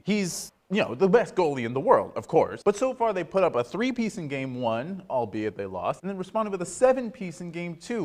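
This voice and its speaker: Young male sports host, lively delivery, swings between punchy takes and low asides. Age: young adult. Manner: animated, wry sports takes with sudden drops to mutters. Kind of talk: student sports talk show.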